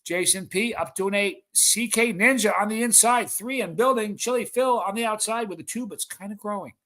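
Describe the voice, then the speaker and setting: A man hosting a live stream, reading viewer comments aloud and calling out excited countdowns. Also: high-pitched, fairly quick.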